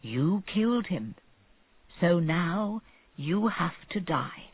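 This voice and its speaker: A narrator voicing a weary, stern male judge giving flat verdicts, in a narrow phone-like recording. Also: medium pitch, slow pace, breathy edge, no echo.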